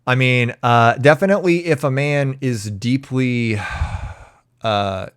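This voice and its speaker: A man's voice: medium pitch, slow, a bit bright, smooth, no room sound, studio quality. Casual, chatty male relationship coach. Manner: casual, repetitive restarts, laughs easily. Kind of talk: live-stream Q&A.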